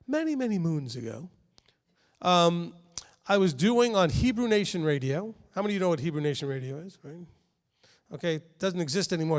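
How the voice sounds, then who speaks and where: A man teaching a congregation in a loose, joking way, often checking in with "okay?". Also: sits high. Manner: chatty, joking asides, frequent "okay?" checks. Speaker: Torah teacher. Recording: long hall reverb.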